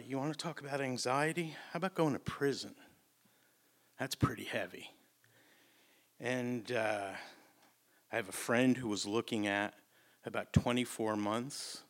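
A man doing stand-up, telling stories with blunt, crude punchlines and halting restarts, on stage before a live audience. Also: medium pitch, a bit bright. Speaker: stand-up comedian. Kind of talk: stand-up storytelling.

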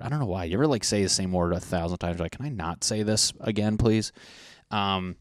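Young male vlogger, deep and dry-sounding, loose profane self-deprecating chat. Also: clean tone, no echo. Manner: rambling, profane, self-mocking. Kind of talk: casual chat to camera. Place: at home.

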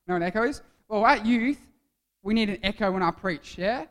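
Youth preacher, male, high voice, jokey and interactive. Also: animated, brisk, fairly bright tone. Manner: playful, jokey, quizzes the audience.

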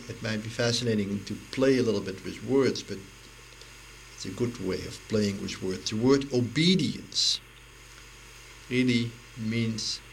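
Man, unhurried and earnest, with a fry-edged voice, halting with repeated words, on a personal recording with light hiss. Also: fairly low pitch, rough recording. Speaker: spiritual speaker. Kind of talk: intimate reflective spiritual talk.

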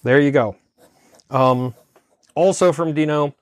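This podcast co-host has a mid-range male voice and a moderate pace, recorded in a clean studio with no room sound. His talk is loose, relaxed chat, halting and full of fillers.

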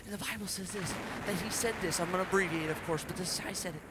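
A man preaching at a children's service, telling the story dramatically and shouting out acted quotes. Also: sits high, very fast, few pauses, noisy background. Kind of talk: interactive children's sermon.

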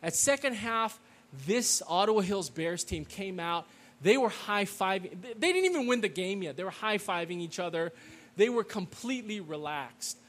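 A man's voice: sits high, moderate pace. A middle-aged man telling a story to a live audience, checking in with "okay?" and "right?" after nearly every line. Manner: animated, peppers lines with "okay?" and "right?"; loud call-and-response chanting with the audience.

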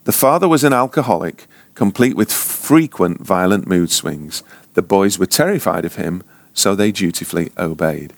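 A man preaching at a ministry school, telling a story slowly and dramatically, often sinking to a hushed near-whisper. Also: low voice, lively intonation, gravelly, dry recording. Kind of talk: sermon storytelling.

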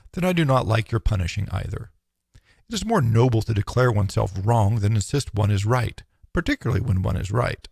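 Male audiobook narrator, low and gravelly, solemn measured delivery, dry close mic. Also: darkish tone, no room sound. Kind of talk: audiobook reading of philosophy.

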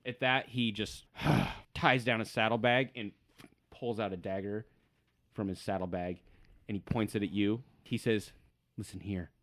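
Relaxed man narrating a tabletop game. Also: fairly low pitch, unhurried, no room sound. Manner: descriptive, relaxed, occasional fillers. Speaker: game master.

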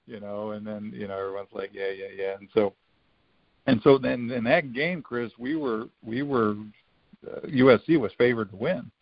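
A man's voice: mid-range voice, moderate pace, vocal fry, no room sound. A man in his fifties, a podcast guest, telling rambling stories full of restarts and acted-out quotes. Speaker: podcast guest, former college football player. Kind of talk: casual storytelling. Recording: dull, lo-fi sound.

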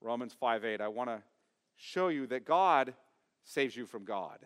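A man's voice: medium pitch, lively intonation, a little slow, a bit bright. Emphatic man preaching in a reverberant church. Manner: emphatic, rising and dropping for stress, asks the congregation questions. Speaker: pastor. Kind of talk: sermon. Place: church sanctuary.

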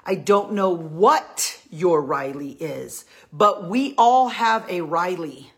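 This woman's voice sits on the low side, animated yet unhurried. She's an encourager of Christian women, delivering an earnest, pleading faith message to her followers and circling back to her main lines to drive them home.

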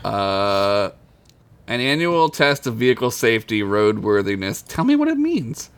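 A man's voice: lowish voice, very animated, unhurried, clear, resonant tone. A man co-hosting a casual podcast, reading listener emails aloud, laughing often and swearing freely. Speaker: podcast co-host. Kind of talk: casual chat.

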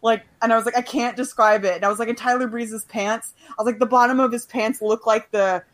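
A woman's voice: a little high, fairly even intonation, brisk. A young woman co-hosting a casual podcast, blunt and jokey, swearing freely. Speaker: podcast co-host. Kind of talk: casual chat.

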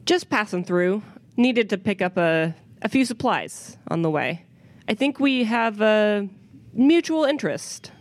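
A woman's voice: medium pitch, animated, measured pace, no room sound. A woman playing a tabletop game, speaking in character in a cool, understated way. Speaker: player. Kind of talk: in-character tabletop role-play.

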